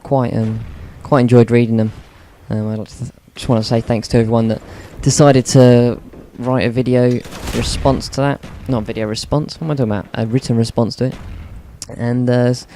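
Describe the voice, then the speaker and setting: A gaming commentator with a mellow, medium-pitched voice talks fairly quickly and flatly over video game play, with slight background noise. His commentary is casual and rambling, full of ums and self-corrections.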